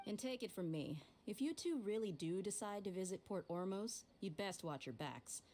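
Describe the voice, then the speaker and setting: A woman's voice: medium pitch, lively intonation, normal speed, warm tone, a little hiss or hum, natural voice. An actress voicing a tough, blunt female mercenary in a video game, direct and wry. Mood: matter-of-fact.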